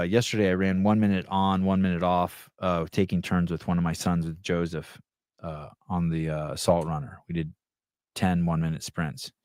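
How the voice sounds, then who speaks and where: Middle-aged man, podcast host, casual profane storytelling, lowish voice, dry close sound. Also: little pitch movement, normal speed, a little mellow, smooth, no room sound. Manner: rambling, profane, reads chat comments aloud.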